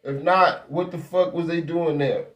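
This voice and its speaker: A male show host ranting in a casual, profane style, blunt and rambling with heavy slang, and saying he is high. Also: fairly even intonation, measured pace.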